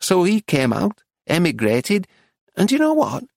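Guy putting on a chirpy old northern english lady, chatty, high and dry audiobook sound. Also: wildly swooping pitch, normal speed, vocal fry, dry recording, heavily acted. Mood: matter-of-fact. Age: older. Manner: bright, matter-of-fact, chatty. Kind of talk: audiobook reading.

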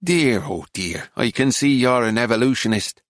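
A man doing an old Irish monk, stern and devout, measured and sighing, in a dry, close recording. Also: mid-range voice, expressive, dry recording, close to an everyday voice.

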